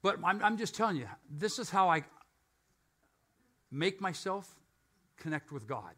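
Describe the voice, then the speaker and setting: Bright, high-voiced older male pastor. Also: animated, a little slow. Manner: conversational, self-questioning preaching. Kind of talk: sermon.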